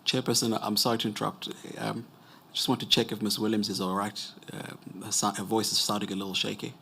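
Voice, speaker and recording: A man with a South African accent, cross-examining a witness in a measured, polite way. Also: lowish voice, level tone, gravelly, pushed and bright, breathy edge. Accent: South African English. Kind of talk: courtroom questioning.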